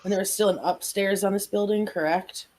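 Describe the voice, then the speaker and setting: A woman playing a tabletop game, describing what her character does in a halting, hesitant way. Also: mid-range voice, fairly even intonation, a little mellow, slight background noise, low-quality recording. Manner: hesitant, halting, laughs often.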